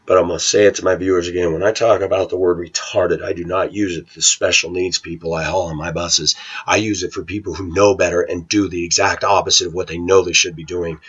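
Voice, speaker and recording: A man's voice: low voice, little pitch movement, fast, fairly bright tone, breathy edge, lo-fi sound. A middle-aged man with a blunt, ranting manner, talking casually to viewers in a vlog. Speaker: vlogger.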